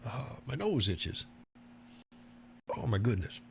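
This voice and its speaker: A man's voice: medium pitch, sing-song, slow pace, vocal fry, a little hiss or hum. A man hosting a live stream, reading out viewer chat in a rambling, folksy way and chuckling often.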